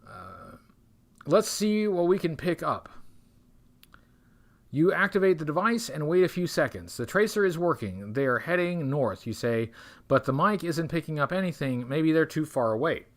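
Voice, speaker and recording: A man hosting a long livestream, reading an adventure gamebook aloud. He drifts off into wry, rambling asides and catches himself mid-sentence, in a slightly high voice. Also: animated, moderate pace. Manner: wry, rambling, self-interrupting. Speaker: livestream host.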